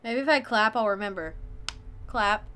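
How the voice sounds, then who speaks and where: A woman's voice: mid-range voice, moderate pace, background noise. A woman hosting a game playthrough, commenting in a goofy, rambling way. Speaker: let's play host.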